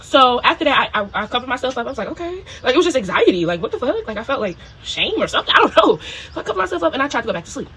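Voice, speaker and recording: A woman telling a personal story for her video diary in a casual, animated way. She swears freely and keeps checking in with "you know" and "okay?". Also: sits high, very fast, husky, low-quality recording. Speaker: spiritual video diarist.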